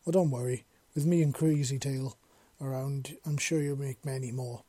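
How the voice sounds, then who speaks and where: A man voicing a gentle, earnest young male clawed creature in a read-aloud story, speaking sincerely and softly, with a dark, husky tone. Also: mid-range voice, steady tone, normal speed, no echo, natural voice. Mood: warm, playful. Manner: sincere, apologetic, softly spoken.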